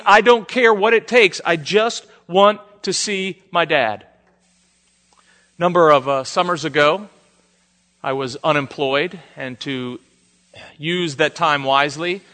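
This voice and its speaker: Unhurried, this male preacher weaves stories into his sermon and animatedly acts out every quote. His voice is fairly high, forceful, and bright, echoing with the long reverb of a large hall.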